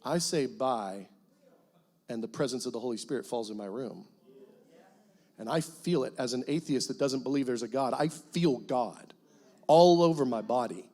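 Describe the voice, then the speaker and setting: A male guest pastor telling his testimony in an animated, storytelling sermon, acting out his past self and joking with the congregation. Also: medium pitch, moderate pace.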